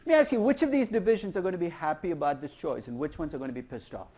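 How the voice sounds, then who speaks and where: A man lecturing a university class, lively and putting questions to the students. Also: fairly high pitch, racing. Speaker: professor.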